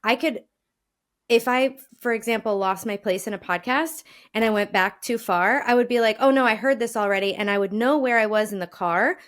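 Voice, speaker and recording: A woman hosting a podcast in casual conversation, bubbly and enthusiastic and quick to laugh. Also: fairly high pitch, a bit bright. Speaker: podcast host.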